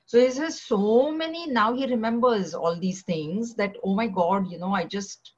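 A woman leading a verse-by-verse scripture class, chanting each verse slowly before explaining it in a loose, conversational way with frequent fillers. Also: on the high side, husky, highs cut off. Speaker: scripture teacher.

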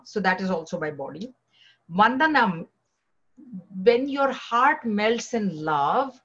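A woman's voice: medium pitch, slightly rough. A woman teaching, retelling and explaining a scripture story in a conversational way, often saying "you know", in a dull lo-fi recording. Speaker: spiritual teacher.

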